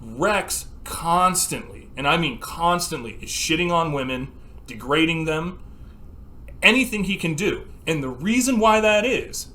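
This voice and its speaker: A man co-hosting a casual podcast, telling stories with lots of swearing and acting out scenes with sudden shouts. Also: fairly high pitch, measured pace. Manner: animated storyteller, acts out scenes with sudden shouts; swears freely. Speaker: podcast co-host. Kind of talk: casual chat.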